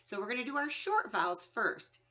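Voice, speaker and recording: A woman teaching a children's phonics lesson, sounding out vowels slowly and with exaggeration. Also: a little high, very animated, pushed and bright.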